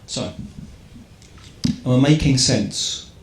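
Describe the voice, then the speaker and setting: A man's voice: mid-range voice, takes it slowly, slight background noise. Man lecturing in an echoey hall. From England. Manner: conversational, rhetorical questions, keeps checking in with "right?". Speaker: public speaker. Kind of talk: informal lecture to a live audience. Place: event hall. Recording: echoey hall with faint ambience.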